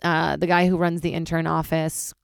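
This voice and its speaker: A woman stand-up comedian hosting her own podcast, rambling and swearing in casual chat, jumping into sudden high excited voices. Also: normal speed, creaky, clear, resonant tone, no room sound, clean studio sound.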